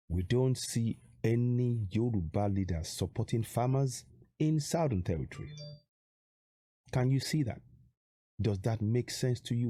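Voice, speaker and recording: Man, deep voice, dry close sound, urgent direct-to-camera appeal, repeats rhetorical questions. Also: warm tone, no room sound. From Nigeria. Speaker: activist vlogger.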